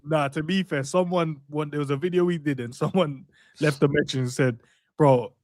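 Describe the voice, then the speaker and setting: Slangy young podcaster. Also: male voice, a little high, fairly quick, a little mellow, no room sound, studio quality. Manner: slangy, joking, reads out viewer comments. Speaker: co-host. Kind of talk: casual chat.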